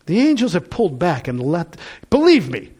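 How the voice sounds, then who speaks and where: Male pastor, high and lively voice, casual preaching with emphatic peaks. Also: normal speed, husky. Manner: conversational preaching, rising to emphatic bursts. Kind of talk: sermon.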